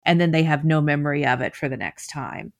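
A woman's voice: low voice, brisk, gravelly. A woman podcast host posing long, probing questions while thinking aloud. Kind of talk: podcast conversation.

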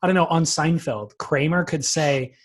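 A man telling a story in a relaxed, wry way during a casual podcast chat. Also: a little high, normal speed.

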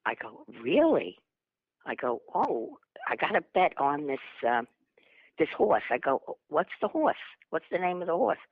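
A woman's voice: sits low, a little slow, slightly rough, dry recording. Chatty older woman on a muffled phone line. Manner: chatty, animated storyteller, laughs often. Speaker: phone-in guest, host's mother. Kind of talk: storytelling on a phone call.

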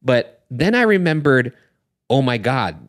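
A man's voice: medium pitch, very animated, a little slow. A man talking on a podcast, chatting casually and emphatically about a film, swearing for effect. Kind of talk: casual comedic chat.

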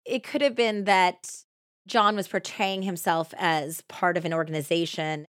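A woman with a fairly low voice recounts a true crime case for her podcast. She talks casually and jumps up in pitch when she acts out what people said. The sound is dry and close, with no room around it. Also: measured pace, clean tone, dry recording. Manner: conversational, animated when acting out quotes. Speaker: podcast host.

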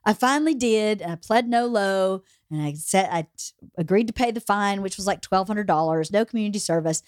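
A woman's voice: mid-range voice, a little fast, clean tone, no room sound, clean studio sound. A woman hosting a podcast, telling a funny personal story in casual chat and laughing through it. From small rural town in the US. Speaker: podcast host.

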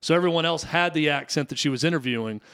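A man in his thirties co-hosting a talk radio show. His voice sits a little on the high side, and he tells stories in a loose, chatty way with plenty of restarts and fillers. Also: fast, fairly bright tone, clear, resonant tone. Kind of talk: casual sports radio chat.

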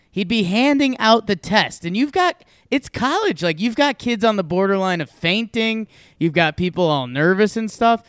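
A young man co-hosting a casual podcast, telling a story with lively energy and frequent laughs. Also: high-pitched, smooth, no room sound, clean studio sound. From Connecticut, USA. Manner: animated storyteller, laughs often. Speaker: podcast co-host. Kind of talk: casual chat.

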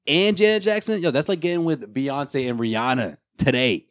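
A man co-hosting a podcast in casual chat, loud and laughing, swearing freely. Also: mid-range voice, normal speed, no echo, clean studio sound. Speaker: podcast co-host.

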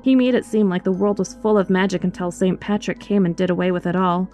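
This is a woman reading a first-person horror tale in an expressive, scripted storyteller's manner over faint music. She talks fast, with a voice on the low side.

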